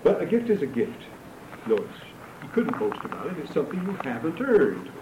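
This older male religion lecturer's voice is on the high side with big pitch swings and a slightly fast pace, and the audio's highs are cut off. He teaches scripture in a classroom, digressing into anecdotes with dry humor. The recording is distant and roomy, with background noise.

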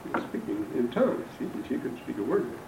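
A man's voice: mid-range voice, big pitch swings, fast. Older guy lecturing on scripture, rambly storytelling, dry jokes, echoey room, noisy old tape. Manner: digressive, anecdotal, dry humor. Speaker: religion lecturer. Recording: roomy distant lecture recording with background noise.

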